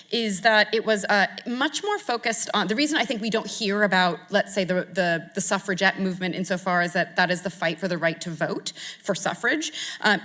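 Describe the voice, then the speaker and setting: Woman in her 30s, guest art historian; bright voice, thoughtful, self-correcting delivery. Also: medium pitch. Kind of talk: answering audience question at lecture.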